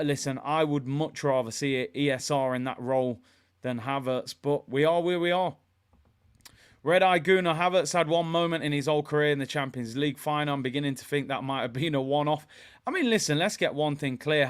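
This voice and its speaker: A man, voice pitched a touch high, hosting his own fan show. He talks football casually but with animated conviction, pausing to read viewers' comments aloud. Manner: animated, opinionated, reads chat comments aloud. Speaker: fan channel host.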